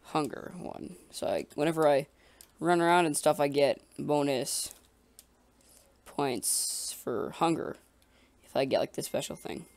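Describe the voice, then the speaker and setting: A man giving casual let's-play commentary, excitable and talking to himself and the creatures in the game. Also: a little high, unhurried. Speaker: gamer.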